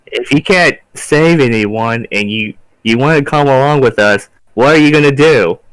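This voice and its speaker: A man's voice: mid-range voice, moderate pace, fairly bright tone, clean tone, no room sound, rough recording. A man chatting as a player in a tabletop game, wry and grumbling. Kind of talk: casual tabletop game chat.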